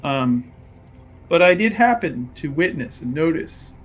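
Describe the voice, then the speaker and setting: A man voicing a courtly companion in a tabletop game, speaking in a halting, rambling way. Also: on the high side, sing-song, soft background music. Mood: earnest. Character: hesitant courtly companion addressing a prince.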